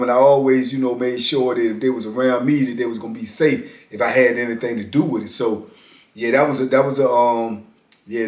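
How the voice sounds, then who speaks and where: A man in his fifties casually telling a story from his own life, laid-back and conversational. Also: mid-range voice. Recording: roomy echo.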